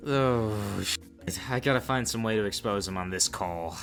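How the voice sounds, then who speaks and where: A man narrating a story to his viewers in a casual, animated way with exasperated asides. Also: on the low side, moderate pace, soft background music. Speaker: YouTube storyteller.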